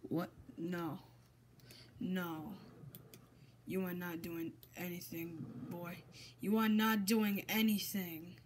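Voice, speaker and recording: A woman commentating her own gameplay, excitable and exasperated, swapping in mild minced oaths. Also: on the low side, takes it slowly, pauses often, slight background noise. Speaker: gamer.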